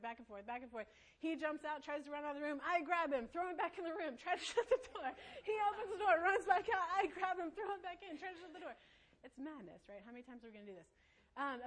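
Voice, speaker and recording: A young mother casually recounting a bedtime struggle, animated and acting out the voices of herself and her toddler. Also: high voice. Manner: animated, acts out her own and her son's lines. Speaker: mother telling a story. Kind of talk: casual storytelling.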